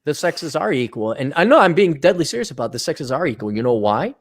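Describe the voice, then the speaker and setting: A man hosting a casual podcast, giving blunt advice in a lively rant and acting out the voices of the people he quotes. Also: a little high, fast. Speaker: podcast host. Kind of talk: casual ranting chat. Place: Twin Cities area, indoors.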